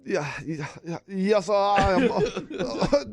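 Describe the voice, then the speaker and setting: A man's voice: sits high, sing-song, slow pace, no echo, studio quality, exaggerated voice. A man voicing a nervous, fumbling companion who hesitates and stumbles over his words. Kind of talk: tabletop role-play.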